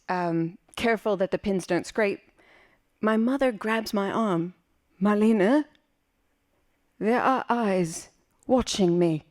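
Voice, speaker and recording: Wry woman telling a story on stage. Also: mid-range voice. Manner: wry, vivid, theatrical. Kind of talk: live storytelling performance. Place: library auditorium stage.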